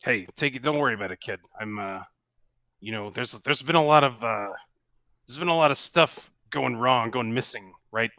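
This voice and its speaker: A man's voice: mid-range voice, moderate pace, pushed and bright, no room sound. A man voicing a chatty, friendly male ghoul who runs an apothecary, talking casually with lots of fillers.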